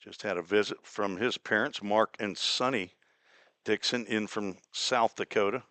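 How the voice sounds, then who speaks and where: A man from Cincinnati calling a baseball game play by play, chatty and folksy, drifting into small talk between pitches. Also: measured pace, pushed and bright, no echo. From Cincinnati, Ohio. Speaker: play-by-play announcer. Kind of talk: live baseball radio commentary.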